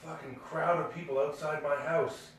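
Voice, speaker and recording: A livid middle-aged man bellows and curses at the kids who pranked him, as a man mimics him in a story. The voice is pushed up high and loud. It rings around a bare, echoey room, picked up from a distance. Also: flat delivery, normal speed, natural voice. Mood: furious. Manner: loud, yelling and swearing.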